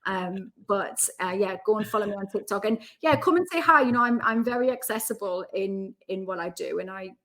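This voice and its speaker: A woman's voice: mid-range voice, fairly quick, few pauses, a bit bright. A woman with a Geordie accent, a guest chatting casually in an interview, jokey and self-deprecating. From North East England. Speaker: podcast guest, self-development coach.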